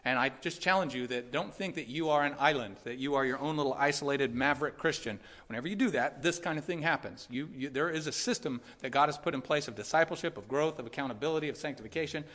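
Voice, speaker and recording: Male pastor, forceful bright tone, somewhat high pitch; preaches emphatically, drops low and quiet for earnest points. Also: fast, hardly any pauses. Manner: emphatic, repeats points, animated swings from loud to quiet. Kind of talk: sermon.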